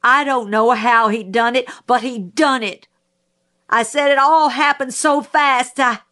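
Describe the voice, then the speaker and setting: A woman voicing a young, poor female witness who is defensive, flustered and quick to anger, stumbling over her answers. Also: a little high, animated, a bit bright, voice pushed up. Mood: angry.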